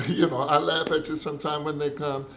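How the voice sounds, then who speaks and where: A man's voice: fairly high pitch, flat delivery, fairly quick, a bit bright, a little hiss or hum. A middle-aged man, a bishop, chatting with his wife and slipping into preachy asides with a teasing edge. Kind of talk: casual chat.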